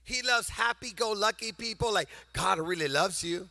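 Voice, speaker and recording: An older man preaching a sermon to a congregation, animated and sing-song, swinging between loud emphasis and quiet storytelling. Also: high voice, moderate pace, vocal fry, dry recording, clean studio sound. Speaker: pastor. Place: church sanctuary before a congregation.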